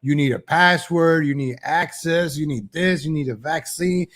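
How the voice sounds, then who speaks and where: A man hosting a political livestream who talks in a rambling, sarcastic way, with frequent restarts. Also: moderate pace. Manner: mocking mimicry of politicians in a higher voice; says "ladies and gentlemen" often. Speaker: host of a political commentary show. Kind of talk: livestream commentary.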